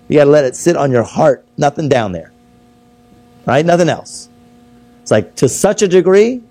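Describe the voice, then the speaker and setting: A man's voice: medium pitch, dark tone. A man teaching a religious text class in a casual, conversational way, often checking in with his students and rephrasing as he explains. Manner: rephrases and restarts while explaining. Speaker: teacher leading a Torah class.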